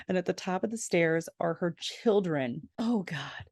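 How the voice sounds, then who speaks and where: A woman with a low, deep-set voice hosts a rewatch podcast, retelling an episode scene by scene. She reacts out loud as she goes, gasping and exclaiming. The sound is close and dry, with no room around it. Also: normal speed, no echo. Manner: expressive, gasps and exclaims while retelling. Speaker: podcast host. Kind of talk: episode recap.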